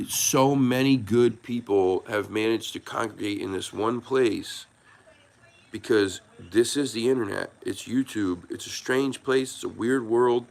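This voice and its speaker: A man's voice: medium pitch, gravelly. A man hosting a casual live stream, thanking viewers by name and talking earnestly in a rambling way with many restarts, moved by the support. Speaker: YouTube live stream host.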